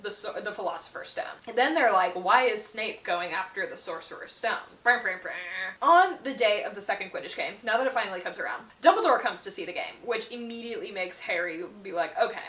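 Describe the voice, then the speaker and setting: A woman's voice: mid-range voice, a bit bright. A woman hosting a book channel, giving a casual, chatty recap and slipping in and out of the characters' quoted lines. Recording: roomy echo, mic at a distance.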